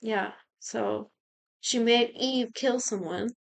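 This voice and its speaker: Young woman on a podcast, kinda high voice, swearing a lot while recapping a show. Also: slow pace, vocal fry. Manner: profane, animated retelling with quoted voices. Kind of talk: casual chat.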